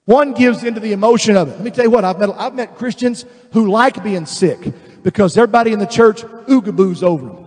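A male pastor preaching a sermon, animated and emphatic, acting out voices of the people he describes. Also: high-pitched, quick pace, big-room sound. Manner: animated, acts out quoted voices, builds to emphatic declarations.

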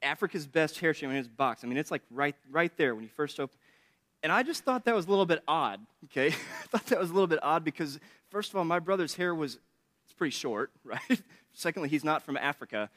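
A man's voice: a little high, animated, fast talker, a bit bright. A man preaching a sermon in a chatty, joking way, laughing often between points. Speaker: pastor. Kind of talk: conversational sermon with humor.

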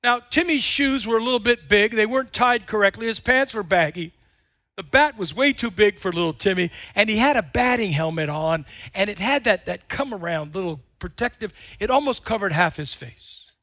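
A male pastor delivering a sermon in a high, bright-pitched voice. He leans on repetition and swings from forceful declarations to quiet, drawn-out asides. The sound is close and dry, with almost no room echo. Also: expressive. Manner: dynamic, swings between loud and hushed, repetitive emphasis.

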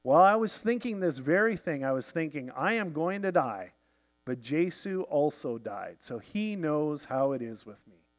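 A man's voice: a little high, expressive, a little slow. A man doing an earnest Viking with a lilt. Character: earnest, simple-hearted Viking man, devout.

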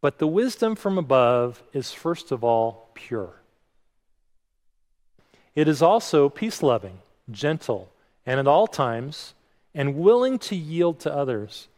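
A middle-aged man preaching a sermon in a relaxed, conversational way, self-deprecating and often restarting his phrases. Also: on the high side, measured pace, in a large hall. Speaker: pastor.

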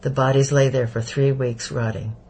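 A man voicing an elderly Jewish refugee who speaks with a German accent, slow, heavy and bitter. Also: mid-range voice, flat delivery, a little mellow, a little hiss or hum, natural voice, low-quality recording. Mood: grim. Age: older. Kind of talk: audiobook character voice.

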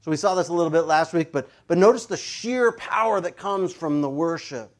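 A man preaching a sermon in a jokey, animated way, breaking into playful shouts. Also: a little high, a little fast. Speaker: pastor.

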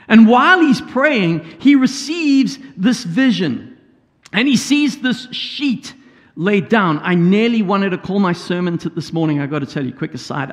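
A man, a pastor, preaching a sermon and retelling a story with asides and paraphrased quotes. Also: high voice. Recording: hall reverb.

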